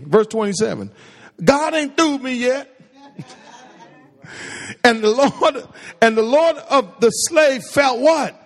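A man's voice: very high-pitched, lively intonation, takes it slowly, pauses often. A man preaching a sermon in a church sanctuary, using call-and-response and repeating phrases for emphasis. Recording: echoey hall with long reverb.

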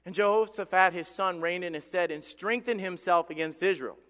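High-pitched pastor guy preaching hard, repeats himself, big echoey church sound. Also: normal speed, fairly bright tone. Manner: passionate, repeats words, rising to emphatic bursts. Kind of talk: sermon. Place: church sanctuary. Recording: long church reverb.

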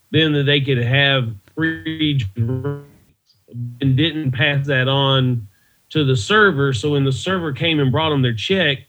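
A man's voice: mid-range voice, a bit bright. A man, a comedian, telling stories casually in an interview, rambling and laughing as he goes. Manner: rambling, laughs often, frequent restarts. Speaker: comedian and former comedy club door guy. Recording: dull lo-fi audio.

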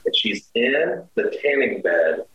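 In an echoey room with faint background noise, a male guest storyteller recounts something from his own life, animated and acting out people's quotes. He speaks slowly in a medium pitch, and the recording has its highs cut off.

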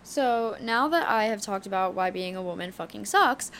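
A young woman in her twenties hosts a solo podcast, speaking at a medium pitch with frank, heated candor. Her talk is loose and full of fillers and swearing, and a faint hiss sits under the recording. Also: lively intonation, moderate pace, a bit bright. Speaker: podcast host.

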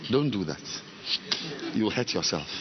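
A male pastor preaching a sermon, swinging between soft talk and sudden loud shouting. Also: fairly low pitch, sing-song, measured pace, muffled recording, a crowd in the background.

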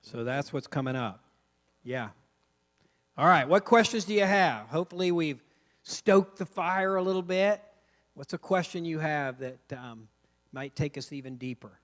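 A man leading a church teaching session, affirming the speaker and calmly announcing questions and upcoming topics. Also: on the high side, moderate pace. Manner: relaxed, affirming, announcing logistics. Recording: long reverb of a large hall.

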